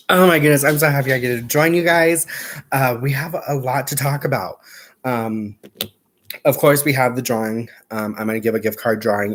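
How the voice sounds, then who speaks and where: Man, craft livestream host: sassy, gossipy, mid-pitched, chats with viewers. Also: moderate pace, long pauses, a little hiss or hum. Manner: chatty and sassy, with playful asides. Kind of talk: casual livestream chat.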